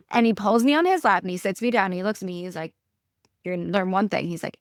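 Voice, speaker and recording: A young woman with a New York accent, telling stories in a casual interview, animated and ranting, swearing freely. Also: on the high side, fast talker, no room sound, clean studio sound. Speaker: guest.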